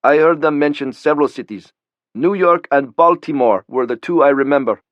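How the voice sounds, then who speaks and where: A man's voice: on the high side, moderate pace, dry recording, voice pushed up, close to an everyday voice. A man voicing a frightened young computer operative who answers in a shaky, trembling voice. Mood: nervous. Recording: dull lo-fi, dry.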